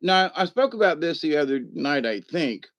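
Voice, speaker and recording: A man's voice: on the high side, big pitch swings, normal speed, fairly bright tone, no echo. A man hosting a casual livestream, rambling through stories, laughing often and answering the chat. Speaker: livestream host.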